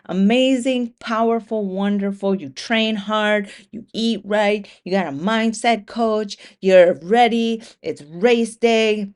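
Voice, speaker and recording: A woman's voice: mid-range voice, slow, few pauses, clean tone. A woman hosting a solo motivational podcast, talking casually with lots of swearing and acting out the inner voices of imagined runners. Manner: animated, profane, acts out imagined racers' thoughts. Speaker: podcast host.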